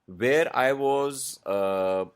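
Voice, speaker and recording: A man explains his craft in an interview, unhurried and thoughtful, stopping often to find his words. His voice sits at an ordinary middle pitch. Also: clean tone. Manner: measured, explanatory, many pauses and fillers. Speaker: voice artist guest. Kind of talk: interview answers.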